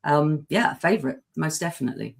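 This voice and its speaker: A podcast panelist in casual chat, hesitant and thoughtful. The voice sits at a middle pitch and is full of ums and pauses. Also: vocal fry.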